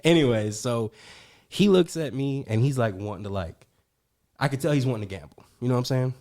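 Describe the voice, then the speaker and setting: Young male co-host, mid-pitched, loose and profane, an animated storyteller full of slang. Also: brisk. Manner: animated, profane, slangy, retells scenes with quoted dialogue. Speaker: podcast co-host. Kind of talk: casual storytelling chat.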